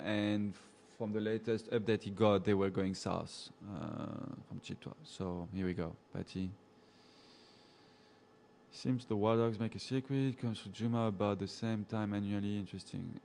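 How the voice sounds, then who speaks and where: Relaxed South African man chatting live. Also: fairly low pitch, vocal fry, a little hiss or hum. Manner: halting, repeats words while thinking. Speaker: safari live chat host. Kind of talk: casual live chat reading viewer comments.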